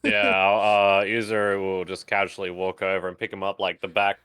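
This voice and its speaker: A man's voice: low-pitched, completely flat delivery, normal speed, fairly bright tone, clear, resonant tone, no room sound. A man playing a tabletop game, easygoing and starting his turns with hesitant fillers. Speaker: player. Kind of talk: casual tabletop play.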